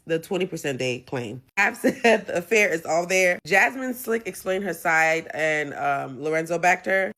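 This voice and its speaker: A woman's voice: deep voice, fairly bright tone. A woman with a Southern American accent giving a sassy, playful recap of a reality show, full of dramatic asides. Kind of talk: casual recap commentary.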